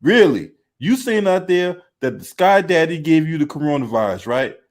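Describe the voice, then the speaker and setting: A man's voice: fairly high pitch, sing-song, moderate pace. A man hosting a casual commentary chat in a blunt, profane and indignant way. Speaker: host.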